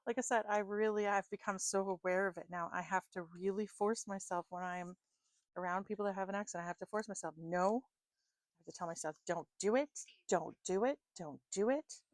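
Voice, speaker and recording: Woman reader, casual ramble, quick laughs, close dry mic. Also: medium pitch, steady tone, dry recording. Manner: chatty, self-deprecating, laughs often, many fillers. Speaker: tarot card reader.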